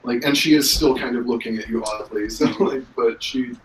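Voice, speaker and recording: A man's voice: mid-range voice, fairly even intonation, moderate pace, a little hiss or hum. A man as game master narrating a tabletop role-play, casual with lots of filler words. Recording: roomy, distant mic.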